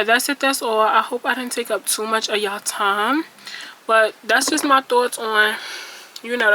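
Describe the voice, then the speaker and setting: A woman's voice: on the high side, bright, forceful tone, a little hiss or hum, poor audio. Candid venting woman vlogger. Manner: candid, venting, self-mocking, exclamatory. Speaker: beauty vlogger. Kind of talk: casual chat while doing makeup. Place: indoors at home, near a ring light.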